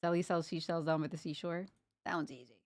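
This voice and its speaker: A woman's voice: deep voice, steady tone, fast, darkish tone, dry recording, studio quality. A young woman chatting casually while she draws, playfully reciting tongue twisters and laughing at her slips. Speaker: art streamer. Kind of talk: casual chat while drawing.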